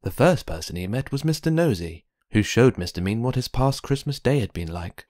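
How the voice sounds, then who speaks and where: A man reading a children's picture book aloud with gentle, expressive storytelling. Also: medium pitch, fairly quick. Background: faint background music.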